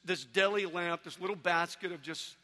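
A man preaching an energetic sermon, telling stories with animated shouts and sudden hushed drops. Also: sits high, normal speed, big-room sound. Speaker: evangelist speaker.

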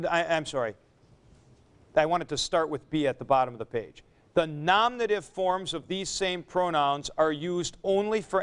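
Slow, smooth-voiced man teaching a class. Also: on the high side. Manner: stops to correct himself, repeats key points. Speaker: Greek teacher. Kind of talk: lecture.

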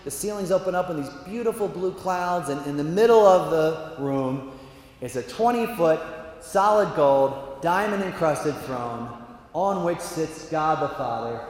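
A man telling a long, animated joke to an audience, slowing down for the punchlines. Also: a little high. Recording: echoey hall, faint ambience.

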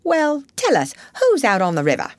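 A woman voicing a cheerful, sociable male water rat in a storybook, brisk and hearty. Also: high-pitched, wildly swooping pitch, dry recording, studio quality, pitched above the performer's own voice.

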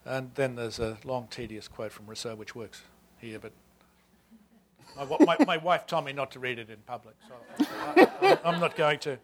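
Halting Australian novelist in his sixties. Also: medium pitch, lively intonation. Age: 60s. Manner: halting, self-deprecating, many restarts. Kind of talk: author talk before a reading.

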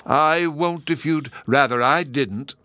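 A man voicing a mild, timid old professor who speaks meekly and haltingly. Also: on the high side, sharp tone, no room sound, voice pushed up. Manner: meek, hesitant, halting.

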